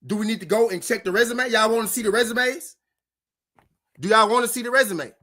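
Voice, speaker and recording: A man's voice: high voice, fairly quick, sharp tone. Heated boxing channel host, a man. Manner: repetitive, profane, heated, talks straight to viewers. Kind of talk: casual reaction rant.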